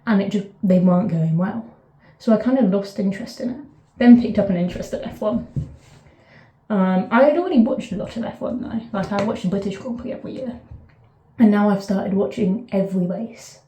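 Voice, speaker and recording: A woman's voice: medium pitch, fairly quick, warm tone, roomy sound. A woman vlogger chatting casually to camera, rambling with frequent fillers and self-corrections.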